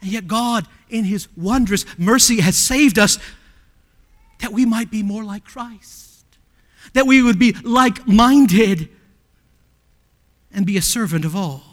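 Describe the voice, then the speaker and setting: A male pastor preaching a sermon emphatically, with many rhetorical questions, swinging from loud appeals to hushed tones. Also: high-pitched, slow pace, pauses often, in a large hall.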